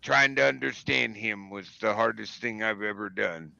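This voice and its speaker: A man's voice: on the low side, normal speed, creaky, sharp tone, no echo. A man chatting casually in a group voice chat, telling stories in a blunt way over a dull, lo-fi mic. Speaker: voice chat participant.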